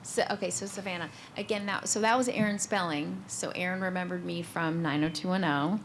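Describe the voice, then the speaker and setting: A woman's voice: fairly low pitch, steady tone, brisk, a little hiss or hum. A middle-aged woman from Georgia, chatting on a convention panel in an enthusiastic, self-deprecating way. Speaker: guest actor on a convention panel. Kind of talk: casual panel chat.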